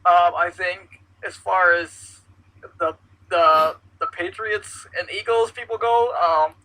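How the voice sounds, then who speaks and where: A man co-hosting a casual sports podcast, excitable and swearing as he relives big plays. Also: sits high, slow pace, rough recording. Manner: excitable, swears, reenacts moments loudly. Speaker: podcast co-host.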